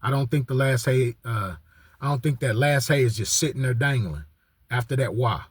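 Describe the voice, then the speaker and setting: A man's voice: mid-range voice, normal speed, breathy edge, dry recording, clean studio sound. A man teaching in a casual monologue, restarting phrases and checking in with his listeners again and again. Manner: repeats "all right" as a check-in, many restarts. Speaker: religious teacher.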